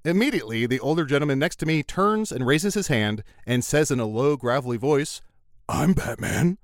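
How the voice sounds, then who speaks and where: A man's voice: mid-range voice, expressive, a little fast, no room sound, studio quality. A man co-hosting a casual podcast, reading listener emails aloud with jokey asides. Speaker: podcast co-host.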